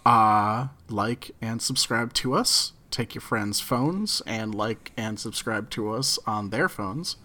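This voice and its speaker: A man's voice: on the low side, slow pace, few pauses, pushed and bright. A man co-hosting a podcast in casual chat, joking in a dry way as he reads the outro. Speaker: podcast co-host.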